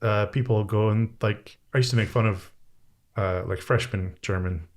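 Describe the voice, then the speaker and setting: Low-voiced wry male podcast co-host. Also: steady tone, moderate pace. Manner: wry, swears while griping. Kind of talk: casual chat.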